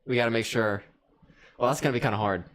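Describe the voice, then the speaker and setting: A young man co-hosting a casual chat, earnest and quick to laugh as he rambles through ideas. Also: medium pitch, fairly bright tone. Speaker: podcast co-host.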